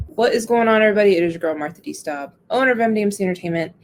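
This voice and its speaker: A woman hosting her own podcast, animated and candid, telling personal stories and swearing freely. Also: mid-range voice, rapid-fire, slight background noise. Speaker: podcast host. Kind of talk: casual podcast monologue.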